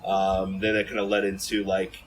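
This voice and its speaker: Low-voiced man telling a story. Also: moderate pace, a little hiss or hum, low-quality recording. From Ohio, USA. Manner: animated, rambling, lots of fillers and restarts. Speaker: podcast guest. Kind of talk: casual storytelling in an interview.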